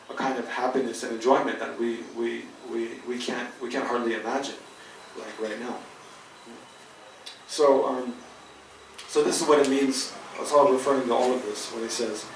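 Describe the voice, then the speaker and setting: A man leads a Buddhist study class in a patient, halting way and often restarts mid-sentence. He sounds set back from the mic. The room rings with a strong echo and a faint hiss. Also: medium pitch. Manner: patient, thinking aloud with frequent restarts. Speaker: Buddhist teacher. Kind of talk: dharma class lecture. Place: teaching hall. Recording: roomy hall, mic at a distance.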